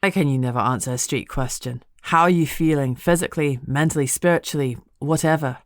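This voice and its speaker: Woman reading as a male inspector, lowered voice, flat and blunt, matter-of-fact, dry close recording. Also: fairly quick, no room sound, close to an everyday voice.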